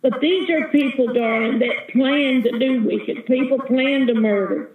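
A woman's voice: high voice, measured pace, echoey room, narrow, tinny audio, slight background noise. A woman evangelist giving an earnest, vivid testimony as a guest in an interview. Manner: earnest, vivid storytelling, calls listener sister.

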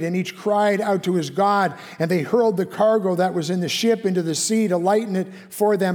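A man preaching a sermon as pastor, in an earnest, conversational way full of rhetorical questions. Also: high voice. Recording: long reverb of a large hall.

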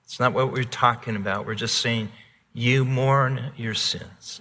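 A male pastor preaching a sermon, earnest and repetitive, dropping soft and then rising emphatic. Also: medium pitch, normal speed, in a large hall, a little hiss or hum.

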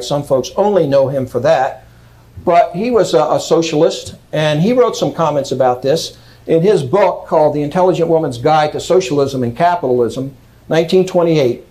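A man's voice: on the high side, dark tone, rough recording. A man giving a lecture, reading out quotes and commenting on them emphatically, often checking in with "okay?".

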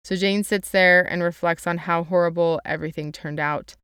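A woman's voice: on the low side, fairly even intonation, moderate pace, a bit bright, clean tone, dry recording, studio quality. A young woman summarizing a novel in a chatty, casual way, with lots of "like" and quotes read aloud. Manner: chatty, uses "like" a lot, reads quotes aloud.

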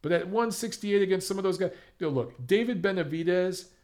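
A man's voice: sits high, brisk, a little mellow. A young man giving blunt, opinionated commentary on boxing, casual and swearing freely.

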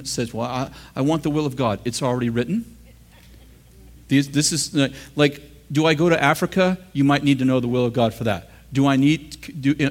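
An American man preaching a sermon in a church, joking with the congregation and laughing at his own lines. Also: fairly high pitch. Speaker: pastor. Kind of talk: sermon teaching.

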